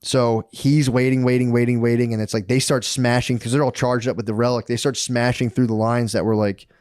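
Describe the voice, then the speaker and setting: A man's voice: medium pitch, flat delivery, fairly quick, a little mellow, clean tone, no room sound, clean studio sound. A man co-hosting a podcast, retelling history in a rambling, profane way full of bro slang. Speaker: podcast co-host. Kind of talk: casual history storytelling.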